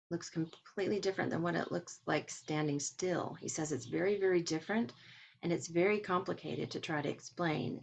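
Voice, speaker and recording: A woman's voice: fairly low pitch, creaky, a little hiss or hum. A woman casually retelling a recorded talk, quoting the speaker and adding her own asides. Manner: paraphrases and quotes another speaker, with asides. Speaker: transcriber retelling a webinar.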